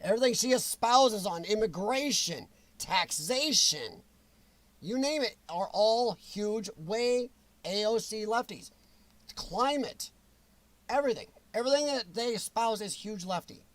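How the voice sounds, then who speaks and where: Blunt, high-voiced man ranting. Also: animated, a little slow, a bit bright, no room sound. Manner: blunt, ranting, reacts to viewer comments. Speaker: show host reading chat. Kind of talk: opinionated livestream talk.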